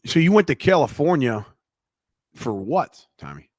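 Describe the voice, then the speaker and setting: Man, podcast co-host, animated rise and fall, asks follow-ups, dry close mic. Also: a little high, normal speed, dry recording. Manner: prodding questions, short reactions. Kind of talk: casual podcast chat.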